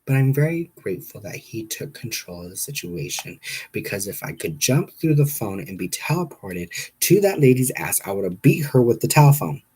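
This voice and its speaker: A man hosting a live stream, telling a story in a casual, animated, exasperated way and talking straight to his viewers. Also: mid-range voice, moderate pace, slightly rough. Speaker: livestream host.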